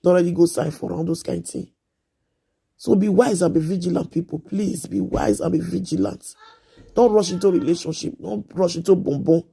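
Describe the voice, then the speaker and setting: A woman's voice: fairly low pitch, fairly even intonation, a little fast, vocal fry, warm tone, breathy edge. A Nigerian woman in her thirties on a casual live stream, giving earnest advice and repeating herself as she pleads with her viewers.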